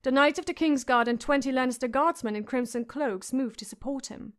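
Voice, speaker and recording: A woman's voice: high voice, fairly quick. A woman reading a fantasy audiobook with dramatic narration.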